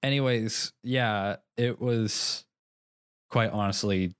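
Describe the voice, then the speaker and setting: Rambling young man with a low voice. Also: fairly even intonation, takes it slowly, clean tone, dry recording, studio quality. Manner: rambling, self-mocking, laughs often. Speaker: podcast co-host. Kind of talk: casual chat.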